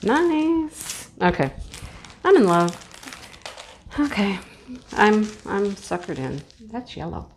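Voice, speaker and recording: Slow, chatty, giggly woman vlogger. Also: medium pitch, very animated, a little hiss or hum. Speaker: crafting vlogger. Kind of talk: casual unboxing chat.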